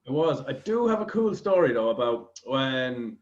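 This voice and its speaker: A man's voice: medium pitch, sing-song, moderate pace, highs cut off. A man with an Irish accent hosting a podcast, telling a rambling anecdote in casual chat and swearing freely. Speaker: podcast host.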